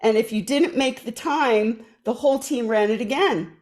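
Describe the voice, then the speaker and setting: A woman's voice: on the high side, moderate pace. A woman telling a long funny story in casual chat, acting out the voices of the people she quotes, on a video call. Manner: animated, acts out quoted voices. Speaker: guest performer.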